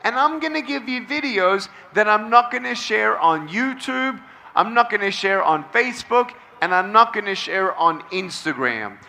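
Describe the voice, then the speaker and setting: A man's voice: high voice, animated, normal speed, creaky, sharp tone, a little hiss or hum. A man speaking as a motivational speaker to a large crowd at an outdoor event, emphatic and repeating phrases for the crowd to echo. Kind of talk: addressing a large crowd, call-and-response.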